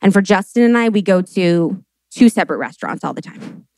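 A woman in her late twenties hosting a live podcast, telling stories in an animated, chatty way with lots of fillers and swearing. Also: medium pitch, a little fast, dry recording. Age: late 20s. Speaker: podcast host.

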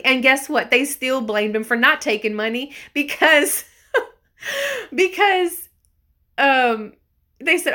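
A woman's voice: high-pitched, animated, takes it slowly, bright, forceful tone. A woman giving an informal Bible study, reading verses aloud and explaining them in earnest, emphatic asides. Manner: reads scripture aloud, then explains in casual asides. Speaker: Bible teacher.

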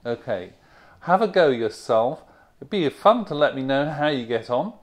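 A man teaching a video lesson on reduction, talking clearly and stressing words rhythmically. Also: mid-range voice, animated, normal speed. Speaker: accent coach.

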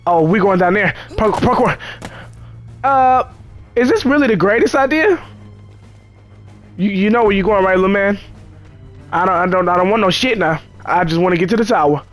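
A man's voice: high voice, a bit bright. A man giving casual gameplay commentary, joking and cursing as he chatters to the game characters. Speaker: gamer.

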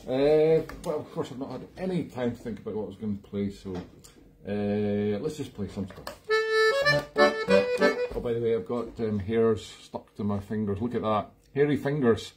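A man's voice: fairly low pitch, moderate pace, voice pushed down, close to an everyday voice. A man playing a blustering middle-aged Welsh army sergeant major with a put-on Welsh accent, rambling and self-mocking on a live music stream. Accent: mock Welsh. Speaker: musician host.

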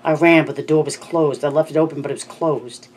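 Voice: medium pitch, fairly even intonation, slight background noise, close to an everyday voice. Narrator doing a frightened small boy. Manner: blurting, halting, stumbling over words.

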